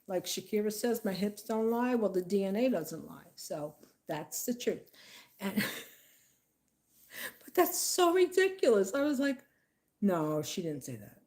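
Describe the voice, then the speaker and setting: A woman telling family gossip in a casual vlog, chatty and laughing, acting out what others said in lively voices. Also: mid-range voice, a little slow, pauses often. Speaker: vlogger. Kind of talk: casual storytelling monologue.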